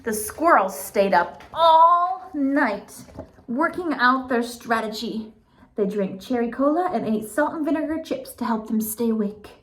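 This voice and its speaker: A woman's voice: on the high side, expressive, a little slow. A woman reading a picture book aloud to children, playful and breaking off for asides to her young listeners.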